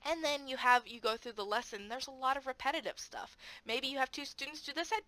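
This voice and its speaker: Woman, online english teacher, casual vlog, bright tone, animated, dry sound. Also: sits high, fast, hardly any pauses, no echo, rough recording. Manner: animated, acts out classroom moments with sound effects; frequent fillers, friendly and chatty.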